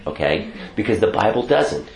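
A man's voice: lowish voice, big pitch swings, normal speed, vocal fry, reverberant, noisy background. A man teaching a Bible class, talking through ideas and checking in with "okay?" often.

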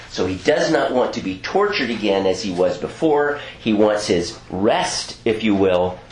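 A man's voice: on the low side, roomy sound, slight background noise, rough recording. A man preaching a teaching sermon in a conversational way, with frequent asides and self-corrections.

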